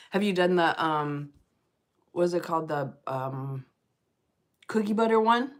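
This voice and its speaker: A middle-aged woman chatting on a livestream, telling stories in a lively, fired-up way and greeting viewers by name. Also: on the low side, moderate pace, pauses often. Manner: animated storyteller, gets loud and fired up. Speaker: livestream host. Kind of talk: casual livestream chat.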